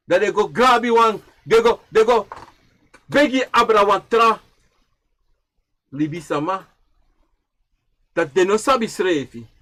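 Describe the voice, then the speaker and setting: A man teaching about ancestral tradition, and his voice sits high for a man and leaps around constantly. He repeats phrases almost like a chant, and drops from loud, raised lines into near-whispers. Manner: repetitive, chanting phrases, swinging from loud to hushed. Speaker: livestream speaker.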